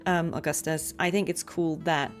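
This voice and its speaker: A woman's voice: low voice, steady tone, moderate pace. A British woman, a voice actor chatting casually on a game livestream, laughing often and with many fillers. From Britain. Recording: game music behind.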